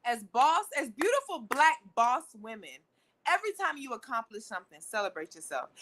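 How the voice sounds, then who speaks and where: Emphatic bright-voiced woman host. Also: on the high side. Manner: emphatic, preachy, repeats "listen" and "ladies". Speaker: podcast host. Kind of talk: casual motivational chat.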